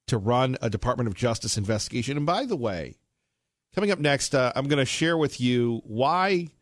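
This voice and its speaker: A man's voice: mid-range voice, dry recording, clean studio sound. A male talk radio host, joking and dropping sarcastic asides.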